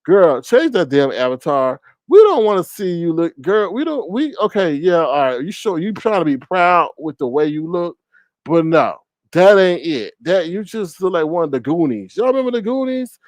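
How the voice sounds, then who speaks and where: A man's voice: big pitch swings, normal speed, no echo. A man hosting a livestream, roasting people in a sassy, theatrical way. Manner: sassy, theatrical, swings pitch. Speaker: livestream host. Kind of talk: casual roast commentary.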